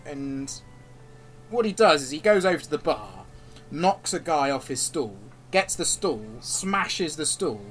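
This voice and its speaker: A game master narrates the scene in a rambling way, padding it with fillers. His voice is high-ish and bright, and faint music plays underneath. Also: very animated, a little slow.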